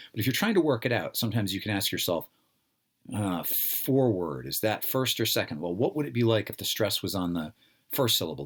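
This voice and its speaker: A man's voice: sits low, fairly bright tone. A man from the United States giving an informal lecture, talking conversationally with many fillers and asides.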